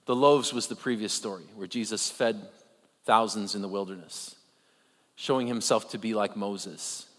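A man preaching a conversational sermon, animated, with joking asides and rhetorical questions. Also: fairly low pitch. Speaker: pastor. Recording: long reverb of a large hall.

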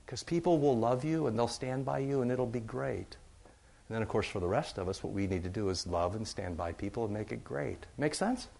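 A man's voice: mid-range voice, brisk, creaky, a little mellow. A man preaching to his congregation in a loose, conversational way, often repeating phrases for emphasis. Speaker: pastor. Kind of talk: sermon.

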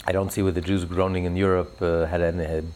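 A man's voice: sits low, level tone, fast talker, a little mellow. A man giving an impassioned religious talk in an interview, fervent and building to emphatic peaks. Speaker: religious speaker.

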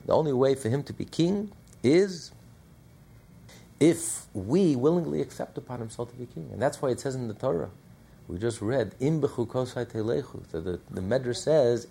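Gravelly-voiced man teaching a Torah class. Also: mid-range voice. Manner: animated, asks and answers his own questions.

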